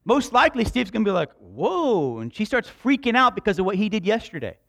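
A man's voice: high-pitched, sing-song, quick pace, creaky, a bit bright. A man preaching a sermon in a conversational way, with joking asides to the congregation. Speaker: pastor.

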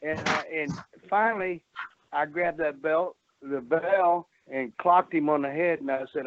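Older ex-wrestler rambling down a phone line. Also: male voice, fairly high pitch, unhurried, a little hiss or hum. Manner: rambling, salty, laughs at his own stories. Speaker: former pro wrestler, guest. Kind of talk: storytelling phone interview. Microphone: telephone.

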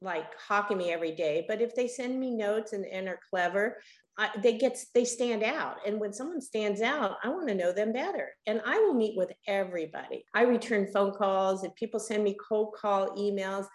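An older woman, a guest in an interview, telling a story with lively acted-out quotes. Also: medium pitch, moderate pace. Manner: animated, acts out quotes. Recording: echoey room.

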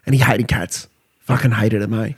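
A middle-aged Australian man co-hosting a casual podcast, telling animated stories with frequent laughter and coarse language. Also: on the low side, moderate pace, slightly rough. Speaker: podcast co-host. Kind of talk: casual chat.

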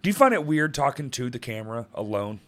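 A man hosting a podcast in casual chat, animated and profane, often laughing. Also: medium pitch, fast. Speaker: podcast host.

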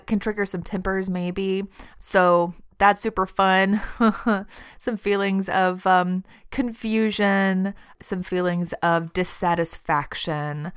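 A woman hosts a tarot-reading podcast, chatting casually in a friendly, warm-hearted way. Her medium-pitched voice is smooth, she laughs often, and she says "y'all."

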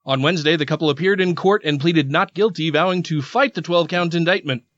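A man's voice: fairly high pitch, quick pace, fairly bright tone, dry recording, muffled recording. A man co-hosting a casual podcast, reading news articles aloud and adding sarcastic asides. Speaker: podcast co-host.

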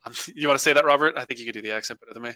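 A man co-hosting a casual podcast, talking quickly and joking around with his partner. His voice is bright and forward, recorded close and dry at a home microphone. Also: mid-range voice, no room sound. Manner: joking, animated banter. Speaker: podcast co-host reading listener emails. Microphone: home microphone on a remote call.

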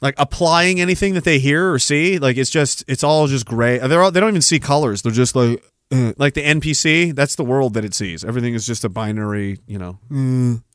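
A man's voice: medium pitch, a little fast, clear, resonant tone, no echo, studio quality. A tired man hosting a podcast, rambling sarcastically in casual chat as he reads out viewer comments. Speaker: podcast host.

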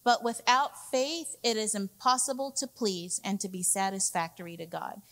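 A woman's voice: medium pitch, steady tone, normal speed, fairly bright tone. A woman executive pastor preaching a sermon, emphatic and repeating key phrases, calling the congregation "y'all". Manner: addresses listeners as "y'all".

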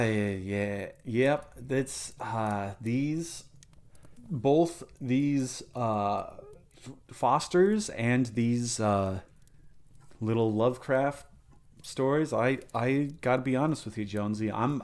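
A man co-hosting a comedy podcast, halting and easygoing in casual chat. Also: medium pitch, a little mellow. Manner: halting, full of fillers and restarts. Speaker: podcast co-host.

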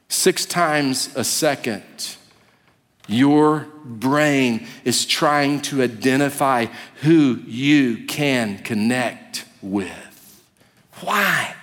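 A man in his fifties preaching a sermon as a pastor, animated and humorous, acting out quotes. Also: fairly high pitch, takes it slowly. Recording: long hall reverb.

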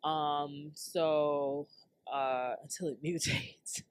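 A woman in her thirties hosts a solo podcast in a loose, unscripted rant. Her voice sits a little low, and she drifts between topics, swears freely and keeps laughing at herself while talking straight to her listeners. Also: fairly even intonation, extremely slow, smooth. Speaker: podcast host.

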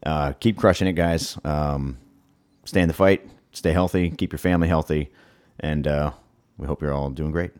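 A man's voice: a bass voice, steady tone, normal speed, darkish tone, clean tone. A man co-hosting a gym podcast in casual chat, rambling with many ums and restarts. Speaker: podcast co-host, gym owner.

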